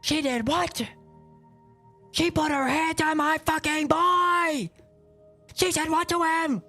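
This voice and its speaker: A man's voice: steady tone, slow pace, soft background music, exaggerated voice. A man voicing his own mother as she screams and curses at a school principal over the phone and in person. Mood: furious shrieking. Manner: shrill, yelling, cursing. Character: furious screaming mother defending her son.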